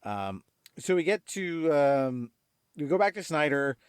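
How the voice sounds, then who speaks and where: California guy on a podcast, kinda high voice, rambly with lots of likes, dry close mic. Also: big pitch swings, a little slow, clear, resonant tone, no echo. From Laguna Beach, California. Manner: chatty, full of "like" and "uh" fillers. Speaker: podcast co-host. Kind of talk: casual film discussion.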